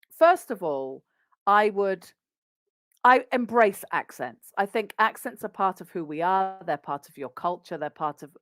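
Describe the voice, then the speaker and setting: A woman's voice: medium pitch, dry recording. A woman with an English RP accent, a business English coach, explaining practical tips in an upbeat conversational interview.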